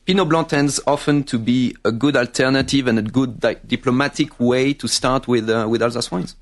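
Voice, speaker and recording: A man from France with a French accent, a winery guest in a casual wine tasting chat, halting and often repeating words as he searches for the English. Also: mid-range voice.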